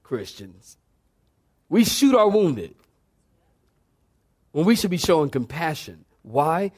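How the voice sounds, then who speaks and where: A male pastor preaching a sermon to a congregation, swinging between soft emphasis and fervent, high-pitched exhortation, sweating as he goes. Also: big pitch swings, slow. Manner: preaching with rising fervor and dramatic pitch swings. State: sweating from exertion.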